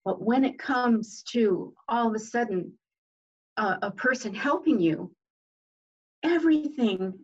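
A woman guest giving an earnest, inspirational talk, often pausing with fillers and restarting her sentences. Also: fairly high pitch, animated, darkish tone, slightly rough. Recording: dull lo-fi sound.

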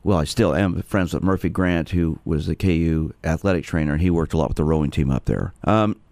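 Male call-in radio host, low voice, dry booth sound, halting with restarts. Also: a little mellow, dry recording. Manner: restarts and repeats words while speaking.

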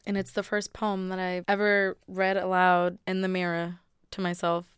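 A woman's voice: on the low side, completely flat delivery, normal speed, smooth, dry recording, clean studio sound. A woman poet reading her own poems aloud, with casual, conversational asides between the recited pieces. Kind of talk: poetry reading with spoken commentary.

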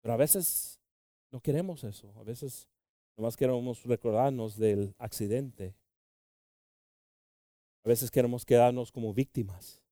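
A man preaching a sermon with passion, moving between loud exclamations and quiet, low asides. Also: normal speed, long pauses, no room sound, clean studio sound.

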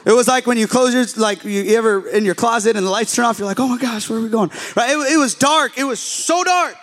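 A young man preaching as a pastor, telling a story in an animated, self-deprecating way and joking with his listeners. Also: very high voice, quick pace. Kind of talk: humorous storytelling sermon.

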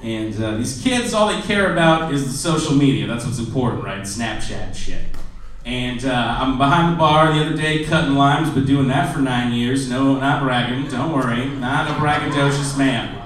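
A man in his twenties doing a stand-up comedy set, self-deprecating, dropping to a low mutter and then bursting into loud shouted bits. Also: normal speed, very echoey, recorded from a distance, poor audio. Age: 20s. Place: comedy club stage. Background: audience laughter.

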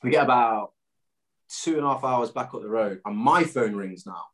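A man at an everyday middle pitch spins an animated story from his playing days. He talks casually and doubles back on himself. He fills the telling with "um"s and acted-out lines from other people. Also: normal speed. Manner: animated anecdote-telling with quoted dialogue and frequent fillers. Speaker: former footballer guest.

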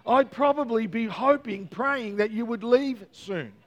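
A man's voice: very high-pitched, measured pace. A man preaching a Christmas Eve sermon, earnest and repeating key words, with playful joking asides to the congregation. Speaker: pastor.

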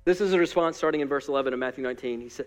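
A male pastor preaching a sermon to his church, lively and animated, often acting out the voices of the people he quotes. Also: mid-range voice, racing, clear, resonant tone. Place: church room with live audience.

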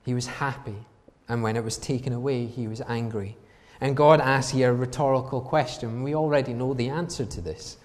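A man's voice: mid-range voice, steady tone, normal speed, few pauses. Male preacher in a reverberant hall. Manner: emphatic, rhetorical questions to the congregation. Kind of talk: sermon. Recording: long reverb from a large hall.

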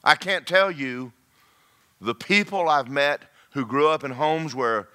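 A male pastor, preaching a sermon in an animated way that swings from loud to hushed. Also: on the high side, a little slow, smooth.

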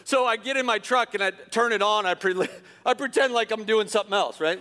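A middle-aged man, a pastor, telling a self-deprecating story in a sermon, animated and chuckling as he goes. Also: high-pitched, fairly quick. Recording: long hall reverb.

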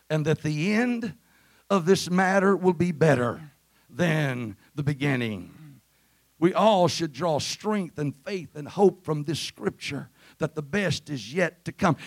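Male preacher, high voice, church sermon, calls for amens, climbs to shouting. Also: creaky, no echo. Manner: rises to shouted peaks, calls for amen. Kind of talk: Pentecostal sermon. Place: church sanctuary.

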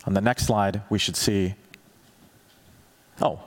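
Preaching a sermon as teaching pastor, a man with a lowish voice speaks at a slow pace, candid and self-deprecating. He gets animated, acting out prayers and God's replies in a raised voice.

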